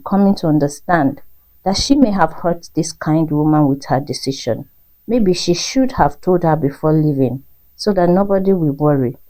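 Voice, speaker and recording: A woman storyteller with a low, dark, mellow voice reading a folktale at a steady, measured pace. Her narration is calm and even. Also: poor audio.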